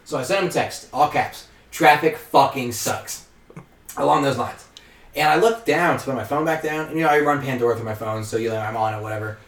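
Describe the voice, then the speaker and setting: Fast-talking profane young man, roomy mic. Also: mid-range voice, recorded from a distance. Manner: profane, animated, acts out quotes. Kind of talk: casual storytelling among friends. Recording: roomy sound, a bit off mic.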